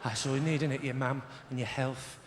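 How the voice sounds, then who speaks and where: A man's voice: mid-range voice, steady tone, fairly quick, background noise, voice pushed down, natural voice. A comedian putting on a London accent as a mock-friendly man with a veiled threat. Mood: menacing. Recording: echoey theatre with loud audience.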